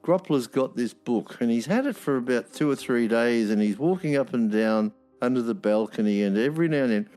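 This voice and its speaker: A man, a former prison officer, spins stories in a blunt, wry way, swearing freely. His voice sits at a middling pitch. Soft music runs faintly behind him. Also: expressive, fairly quick, few pauses. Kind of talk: anecdotal storytelling.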